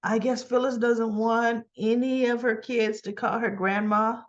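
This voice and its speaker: A woman's voice: a little high, steady tone, unhurried, lo-fi sound. A woman casually recapping a soap opera episode, acting out the characters' lines as she retells each scene.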